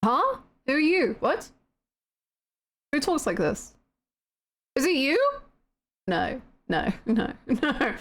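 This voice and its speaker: A woman's voice: high-pitched, sing-song, takes it slowly, long pauses, a bit bright. A woman streaming a game playthrough, reacting with laughter and incredulous exclamations. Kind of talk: live game playthrough commentary.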